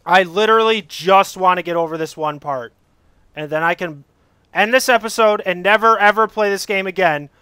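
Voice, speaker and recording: High, bright-voiced young man raging at a game. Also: normal speed, clean tone, no echo. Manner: exasperated, swearing, yelling at the game. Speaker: gamer playing a climbing game. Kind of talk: let's play commentary.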